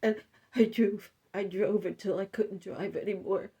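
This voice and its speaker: A middle-aged woman tells a personal story in tears, her voice breaking, with halting narration that erupts into sobbing shouts. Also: mid-range voice, steady tone, husky. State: tearful, voice breaking. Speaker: storyteller recounting a personal loss. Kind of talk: emotional personal testimony.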